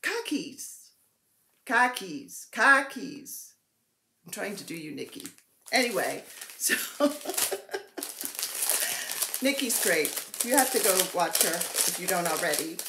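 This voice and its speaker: A chatty woman with a pitch that swings up and down as she gushes, playful and easily thrilled. She talks at an unhurried pace. Her voice rings a little in an echoey room at home, with faint background noise. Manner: excitable, gushing, playful. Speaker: cross-stitch vlogger. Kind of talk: casual show-and-tell chat. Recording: roomy echo.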